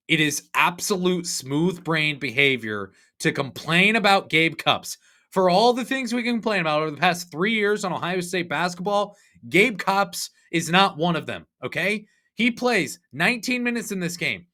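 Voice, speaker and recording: A young man hosting a sports podcast, ranting in an animated, sarcastic, exasperated way. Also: high-pitched. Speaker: podcast host. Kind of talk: opinionated sports podcast rant.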